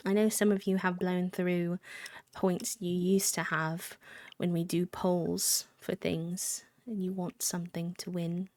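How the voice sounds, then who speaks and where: A woman's voice: on the low side, level tone, slow pace, darkish tone, dry recording. A young woman streaming a game live, chatting in a rambling way, answering her chat and thanking subscribers. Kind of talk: casual live-stream chat while gaming.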